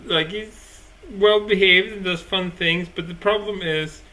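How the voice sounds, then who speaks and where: Bright-voiced woman co-hosting a stream. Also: on the low side, fairly even intonation, a little slow, poor audio. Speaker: co-host. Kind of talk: casual live-stream chat.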